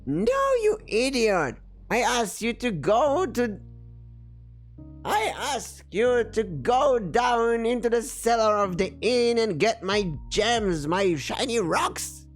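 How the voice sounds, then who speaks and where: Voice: medium pitch, very animated, slow, faint music behind, voice pushed up. A game master doing a scornful grumpy talking gem. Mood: scolding. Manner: scolding, calls others stupid.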